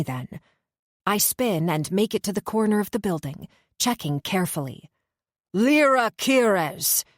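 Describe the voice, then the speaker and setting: A woman narrating a first-person romance fantasy audiobook in a measured, tense storytelling manner on a close studio mic. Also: fairly low pitch, no room sound.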